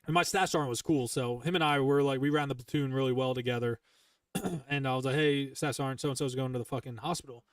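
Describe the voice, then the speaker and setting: A man's voice: medium pitch, fast talker, dry recording. A young man, a former Marine sergeant hosting a podcast, telling stories casually with lots of swearing and emphasis. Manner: profane, emphatic, full of fillers. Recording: dry, from some distance to the mic.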